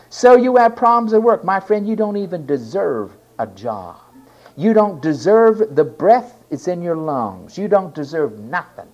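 In a slightly high voice, a preacher alternates between emphatic shouting and a soft near-whisper. Key phrases come back again and again for effect.

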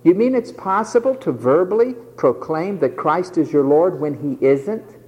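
Male preacher, high and lively pitch, emphatic delivery, long hall reverb. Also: normal speed. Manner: emphatic, dramatic preaching that acts out quoted voices. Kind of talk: sermon.

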